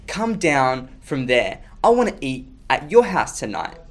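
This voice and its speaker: A man's voice: mid-range voice, big pitch swings, measured pace. A man voicing a kind teacher who calls out to someone in a tree. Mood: calling. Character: kind male teacher calling out, calm.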